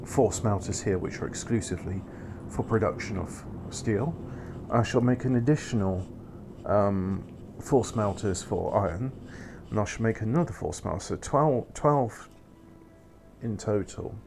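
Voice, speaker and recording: A man's voice: fairly low pitch, measured pace, creaky, background noise. A man giving casual, rambling commentary while playing a factory-building game, correcting himself and making wry asides. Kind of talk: casual let's-play commentary.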